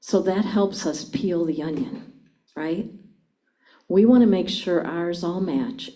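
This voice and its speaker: Speaking live at a seminar about communication, a middle-aged woman keeps the audience involved by asking questions often. Her voice is medium-pitched with a dark tone.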